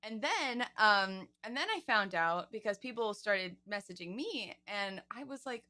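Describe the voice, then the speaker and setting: Guest singer, woman in her twenties, bright voice, chatty and heartfelt. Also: medium pitch, expressive, measured pace, hardly any pauses. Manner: chatty, emotional storytelling with quoted asides. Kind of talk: casual interview.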